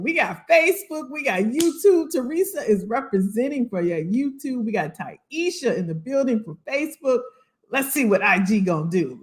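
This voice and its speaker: Lively high-voiced woman hosting a livestream. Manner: upbeat, greets viewers by name; talks to unseen commenters. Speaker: livestream host, career coach. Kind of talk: casual livestream chat.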